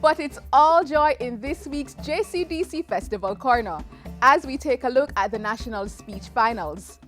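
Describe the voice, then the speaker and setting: Woman host, high voice, upbeat scripted presenting, light music under. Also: animated, moderate pace, a bit bright. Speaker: segment host.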